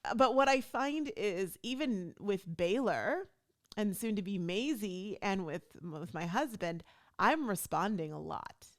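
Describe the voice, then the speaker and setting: A woman's voice: mid-range voice, unhurried. A woman hosting her own podcast, talking casually and chattily, acting out what people said to her. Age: adult stepmom. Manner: chatty, animated, acts out quoted talk. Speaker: podcast host. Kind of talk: casual solo talk.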